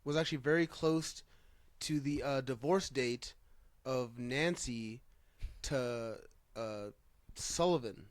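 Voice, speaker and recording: A man's voice: mid-range voice, takes it slowly, long pauses, no room sound. A man hosting a podcast in casual chat who rambles, restarts his sentences and laughs easily. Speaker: podcast host.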